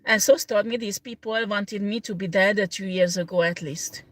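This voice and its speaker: A woman tarot reader chatting casually on a livestream, rambling in halting second-language phrasing and often breaking into laughter. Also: mid-range voice, fairly bright tone.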